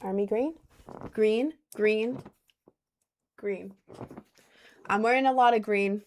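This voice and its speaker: A woman's voice: medium pitch, fairly even intonation, slow. Young woman chatting casually on stream. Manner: chatty, slangy, answers chat with "bro". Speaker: livestreamer reading chat. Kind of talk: casual livestream chat. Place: indoors at home, seated in a chair.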